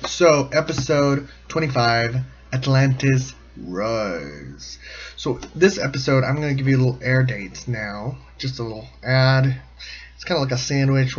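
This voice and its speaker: A man talks through a cartoon episode in a loose, comedic commentary style. He rambles, restarts his thoughts and laughs in the middle of sentences. His mid-pitched voice comes through a slightly muffled, lo-fi home recording. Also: breathy edge. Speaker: show commentator.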